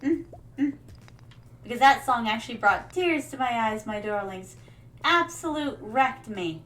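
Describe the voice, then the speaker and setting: A woman's voice: fairly high pitch, expressive, normal speed, a bit bright. A young woman streaming a game in casual, rambling chat, playing a playful royal persona who calls her viewers her darlings. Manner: rambling, many fillers.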